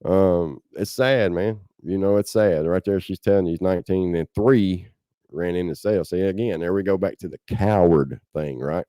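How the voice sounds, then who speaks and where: A low, dark-toned man with a Southern American drawl speaks bluntly and with passion as a podcast host. His voice sits dry and close, with no room sound. He talks casually, as if he were on a livestream. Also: moderate pace, no echo. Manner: impassioned, blunt, keeps saying "man".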